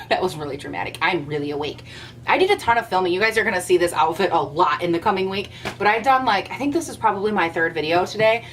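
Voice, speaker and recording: A young woman chatting casually to her camera at home as a vlogger, animated and a bit out of breath, with playful rants. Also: mid-range voice, fast talker, slight background noise. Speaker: beauty vlogger.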